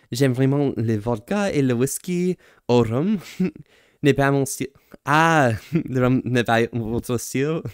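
A man streaming casually, reading viewer chat aloud, laughing often and switching into halting French. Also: medium pitch, smooth, no echo, clean studio sound. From Canada.

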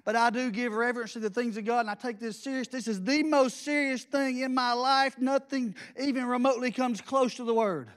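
Man, pastor, very high voice, intense folksy sermon, church. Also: fairly even intonation, fairly quick, hardly any pauses.

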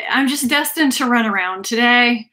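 A woman's voice: fairly high pitch, measured pace, pushed and bright. A woman, chatting casually on a livestream from a small home office, laughing and sighing often. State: out of breath. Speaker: livestream host.

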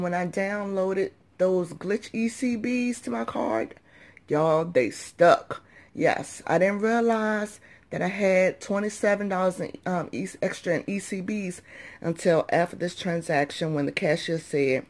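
Sounding groggy and freshly woken in the early morning, a mom of young kids talks her way through a casual couponing haul vlog in a slightly low pitch. She addresses her viewers directly as "y'all" and "subbies" with an easygoing, steady patter.

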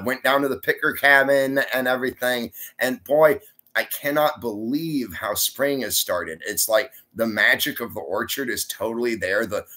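A man's voice: medium pitch, fairly bright tone. A sleepy man, chatting to camera in a rambling, folksy vlog. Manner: rambling, folksy, uses y'all. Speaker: vlogger. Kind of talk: casual chat to camera.

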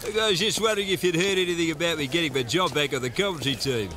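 A wheedling Australian ex-commentator, voiced by a man in a comedy sketch, begging to get back on the team. His voice sits a little high and eager. Street traffic hums underneath. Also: racing, close to an everyday voice. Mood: pleading. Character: sacked male ex-commentator begging for work.

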